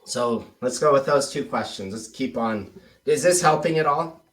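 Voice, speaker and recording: A man's voice: medium pitch, normal speed, a bit bright, far from the mic, low-quality recording. A man coaching a sales trainee through a role-play drill, stressing words with exaggerated inflections. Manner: exaggerated, emphatic inflections when demonstrating.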